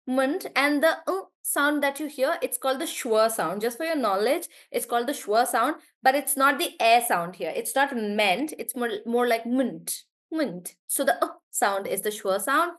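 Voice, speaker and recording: Woman teacher stretching words out slowly. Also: sits high, fairly bright tone. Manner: encouraging, drawn-out words when modelling pronunciation. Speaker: online English teacher. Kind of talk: live online class.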